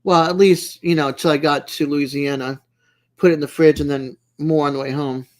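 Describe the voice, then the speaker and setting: A woman's voice: deep voice, fairly even intonation, moderate pace, darkish tone. A woman hosting a casual livestream from home, giggly and teasing as she chats with her viewers by name. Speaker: livestream host. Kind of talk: casual chat with live viewers.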